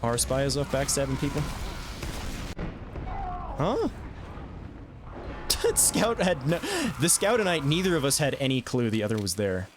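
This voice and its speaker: A man streaming a video game, chatting casually about his plays with self-amused asides and quick reactions. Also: medium pitch, big pitch swings, background noise. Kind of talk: casual gameplay commentary.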